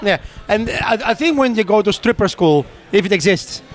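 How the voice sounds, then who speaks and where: A high-pitched man recounts a night out in animated casual chat. He acts out every line of dialogue and laughs through his own story. He co-hosts the podcast. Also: moderate pace. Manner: animated storyteller acting out quotes, laughs often. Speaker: podcast co-host.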